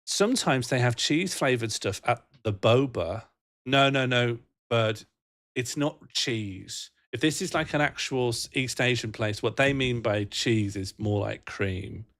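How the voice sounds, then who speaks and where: A man's voice: medium pitch, unhurried, a bit bright. A young man chatting on a livestream, reading out chat messages and laughing often in a rambling, playful way. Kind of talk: casual live-stream chat.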